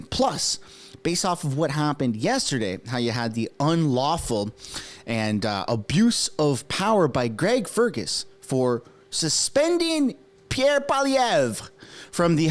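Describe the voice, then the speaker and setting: A man whose first language is French hosts a casual political livestream, animated and profane, joking and talking straight to his chat. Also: a little high. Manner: animated, swears, jokes, talks to chat viewers. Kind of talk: casual live commentary.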